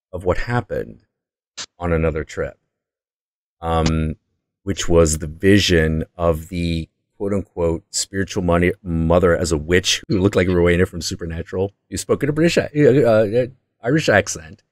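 A very deep-voiced man retells a personal story in a casual, excitable monologue, swearing freely as he builds up the tension. The sound is dry and close, with no room echo. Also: normal speed. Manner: intense, profane, excitable retelling. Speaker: host.

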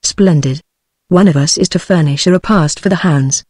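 Tts lady voicing a suave old-world hunter general, british, even and flat machine read, dry. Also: low-pitched, normal speed, breathy edge, no room sound. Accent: British English. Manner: even synthetic reading.

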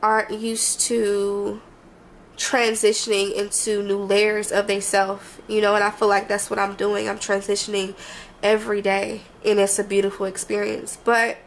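A young woman talks straight to her camera, congested and a little emotional. Her voice has a gravelly, creaky edge, and she rambles in a loose, heartfelt way over a faint hiss in the background. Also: medium pitch, completely flat delivery, moderate pace, rough recording. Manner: rambling, heartfelt, frequent "you know what I mean". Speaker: vlogger. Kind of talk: casual talk to camera.

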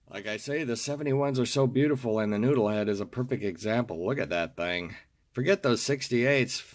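A man with a gravelly, hoarse morning voice, casually showing off a collection in a video and gushing over each piece, often repeating words with delight. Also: fairly low pitch. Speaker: toy car collector and seller. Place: home desk.

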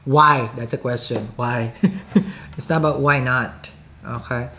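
A woman's voice: a bass voice, a little slow, slight background noise. A woman giving a casual tarot reading to camera, chatty, often checking in with "okay?" and laughing. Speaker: tarot reader.

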